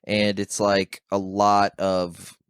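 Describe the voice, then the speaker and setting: A man's voice: on the low side, completely flat delivery, slow, smooth, dry recording, studio quality. A man who does stand-up, telling crude stories in casual podcast banter, laid-back. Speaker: comedian.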